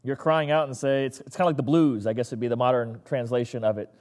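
A man's voice: mid-range voice, steady tone, fast, a little mellow, big-room sound. A male pastor giving a casual, conversational sermon and acting out the voices of the people he talks about.

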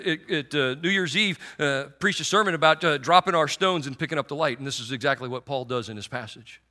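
A man's voice: on the high side, bright, forceful tone. A middle-aged man preaching a sermon in a conversational, sarcastic way, with many restarts and fillers.

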